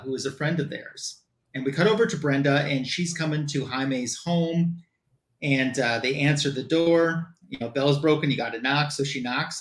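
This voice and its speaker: A man's voice: mid-range voice, a bit bright, reverberant. A man casually retelling a comic book story as a show's reviewer, quoting the characters as he goes.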